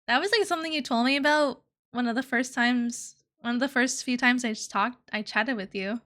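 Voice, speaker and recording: Bright, high-pitched playful woman streamer. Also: a little fast. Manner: playful, giggly, reads chat aloud, cutesy baby talk. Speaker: VTuber streamer. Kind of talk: casual live-stream chat.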